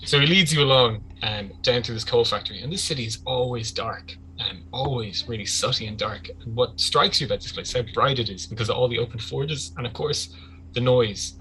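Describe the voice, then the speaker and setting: Male game master, bright, sharp tone, chatty vivid narration, faint hum. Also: medium pitch, brisk, low-quality recording.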